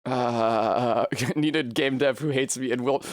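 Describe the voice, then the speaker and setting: A woman streaming a video game, talking casually and profanely, rambling between tangents and breaking into high yelps and shrieks when things go wrong. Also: no room sound. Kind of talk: casual live-stream commentary while gaming.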